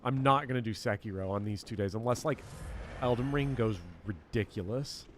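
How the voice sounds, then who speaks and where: Man, streamer type, casual think-aloud chatter, average pitch, noisy stream audio. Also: moderate pace. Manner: chatty, thinks aloud while playing, frequent ums. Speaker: streamer playing games for charity. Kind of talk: casual live-stream chat with co-hosts. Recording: gaming stream with noticeable background noise.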